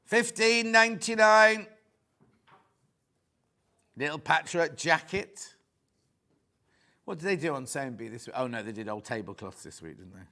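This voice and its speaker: A man's voice: medium pitch, a little fast, creaky, bright, forceful tone. A British man presenting a live sewing shopping show, chatty and teasing as he reads out prices and viewer messages in a TV studio.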